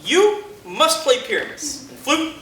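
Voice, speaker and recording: An actor plays an earnest, fussy carpenter handing out parts, coaxing and organizing with a lively, bright voice. Heard from far back on a roomy stage with faint hiss. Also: high-pitched, unhurried, heavily acted. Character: fussy male carpenter directing an amateur play. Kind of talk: live college stage performance. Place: college theatre stage.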